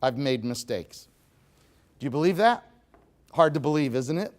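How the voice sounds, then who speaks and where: Animated joking male speaker. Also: mid-range voice, normal speed. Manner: animated, joking, addresses the audience directly. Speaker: motivational speaker. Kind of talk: humorous seminar talk to a live audience. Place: live talk before an audience.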